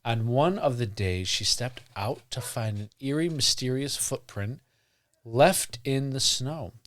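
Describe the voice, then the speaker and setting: A man's voice: medium pitch, unhurried, fairly bright tone. A man hosting a podcast, chatting casually and reading sighting accounts aloud with frequent restarts. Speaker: podcast host.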